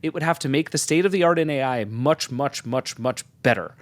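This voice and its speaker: A man's voice: mid-range voice, fairly quick, no echo. A man co-hosting a casual tech podcast, making emphatic, skeptical points. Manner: emphatic, skeptical, builds arguments. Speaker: podcast co-host.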